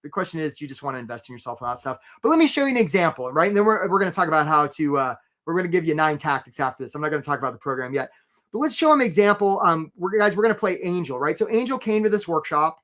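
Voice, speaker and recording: A man's voice: on the high side, very fast. Male career coach, webinar host, peppy and chatty, video-call sound. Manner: energetic, upbeat, asks "right?" often. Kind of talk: live webinar presentation.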